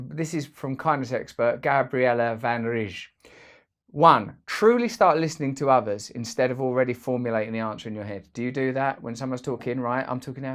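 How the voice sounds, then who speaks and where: A man's voice: mid-range voice, a bit bright. A man hosting a casual, rambling vlog, full of playful jokey asides. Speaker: host.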